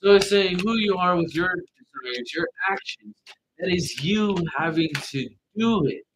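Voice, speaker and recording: A man's voice: high voice, unhurried, a bit bright, slight background noise, low-quality recording. A man giving a casual online tarot reading, blunt and profane, with loose, rambling phrasing. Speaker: tarot reader.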